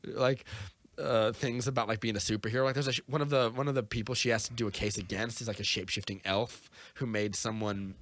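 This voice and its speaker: A man's voice: fairly low pitch, steady tone, fast talker, fairly bright tone, no echo. A young man co-hosting a podcast, chatting casually in a rambling way full of fillers. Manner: rambling, lots of "like" and "or whatever". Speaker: podcast co-host. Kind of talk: casual chat.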